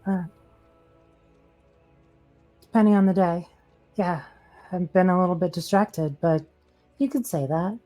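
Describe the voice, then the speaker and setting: A woman at a tabletop game who speaks slowly and without hurry. Her voice is dark and mellow, and her manner is relaxed and casual. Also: lowish voice, soft background music. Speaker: player.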